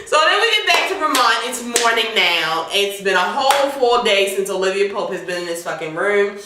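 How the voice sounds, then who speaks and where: A woman hosting a casual TV episode recap, talking in an animated, profane way and acting out the characters' lines. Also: medium pitch, brisk. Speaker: TV recap host. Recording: echoey room, distant mic, faint noise.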